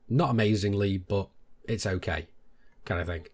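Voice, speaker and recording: A British man, a gaming YouTuber, telling a story to his viewers in a casual, animated way. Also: a little fast. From Britain. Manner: animated, jumps much higher when quoting others.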